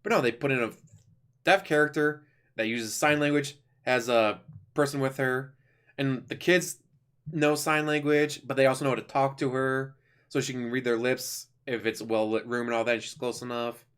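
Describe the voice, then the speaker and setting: A man giving a casual, rambling review of an animated series, enthusiastic, with lots of fillers and restarts. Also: mid-range voice, moderate pace, clean tone. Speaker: YouTuber reviewing an animated show.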